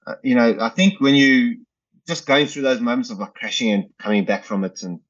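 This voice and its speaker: Man guest, quick rambling yarns, slightly muffled lo-fi sound. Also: medium pitch. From South Africa. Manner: rambling, many fillers and restarts. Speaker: guest, retiring pro cyclist. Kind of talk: casual storytelling interview.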